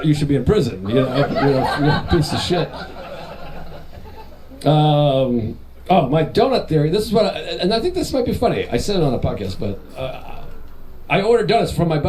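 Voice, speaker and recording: A man's voice: on the high side, darkish tone, slight background noise. A man doing stand-up crowd work, rambling loosely and teasing the audience. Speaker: stand-up comedian. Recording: live show with audience laughter. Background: audience laughter.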